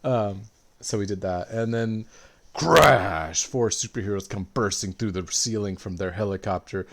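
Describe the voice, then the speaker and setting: A man, a player in a tabletop game, recapping the last session in a rambling, excitable way full of fillers. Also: fairly low pitch, a little slow.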